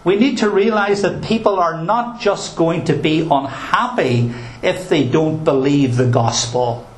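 A man's voice: a little high, measured pace. Earnest preacher man, echoey room. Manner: earnest, emphatic, with dry humor. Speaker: pastor. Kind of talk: sermon. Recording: roomy echo.

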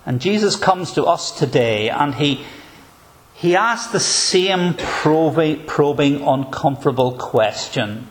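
A man preaching a sermon in an earnest, measured way, asking probing rhetorical questions. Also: a little high, animated.

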